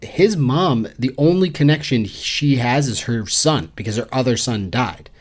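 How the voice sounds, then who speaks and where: A man's voice: medium pitch, measured pace. Sarcastic man joking through a book chat. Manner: sarcastic, jokey asides. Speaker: podcast co-host. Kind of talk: casual book discussion.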